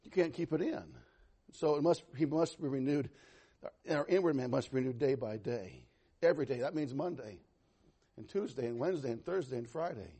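A man preaching a sermon as pastor, animated and conversational, swinging from loud to soft with some self-deprecating humor. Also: mid-range voice, a little fast, husky.

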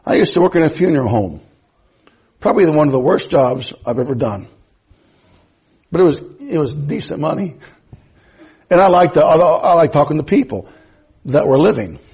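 A man's voice: a little high, lively intonation, moderate pace, creaky, long pauses, darkish tone, husky, low-quality recording. A man preaching a sermon in a folksy, emphatic way, mixing scripture with personal stories. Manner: folksy, storytelling, emphatic rises.

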